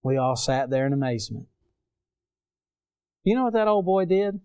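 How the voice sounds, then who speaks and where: A man preaching a sermon, rising loud on key phrases and dropping low for stories. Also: animated, normal speed, clean tone. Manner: impassioned, swells loud on key phrases then drops low.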